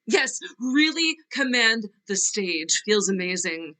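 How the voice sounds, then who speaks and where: Actress as tearful young Nina. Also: female voice, mid-range voice, big pitch swings, slow pace, bright, forceful tone, exaggerated voice, rough recording. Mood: wistful. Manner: wavering, laughing through tears, trailing off. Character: young actress Nina, fragile, restless, wistful. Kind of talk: virtual play reading. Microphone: video call.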